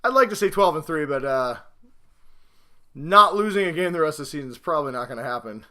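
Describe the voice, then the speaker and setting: A man hosting a casual football talk show, rambling and self-mocking, swinging between loud hype and low mutters. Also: lively intonation, fast. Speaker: podcast host.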